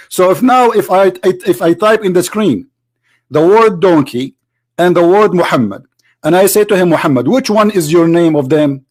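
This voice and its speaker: An English man hosting online debates talks over a replayed debate video, mocking and argumentative, and repeats his points. His voice is high-pitched and darkish, at a moderate pace.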